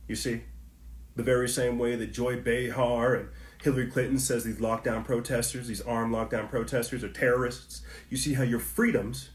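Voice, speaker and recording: A man's voice: mid-range voice, echoey room. A man hosting a political commentary podcast, talking straight to his listeners in a heated, preachy way and circling back to the same points. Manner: heated, preachy, repetitive, speaks to listeners directly. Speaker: podcast host.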